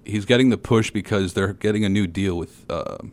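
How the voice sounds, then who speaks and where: Male co-host, lowish voice, wry and jokey, conversational. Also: a little fast, a little mellow. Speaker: podcast co-host. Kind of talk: casual chat.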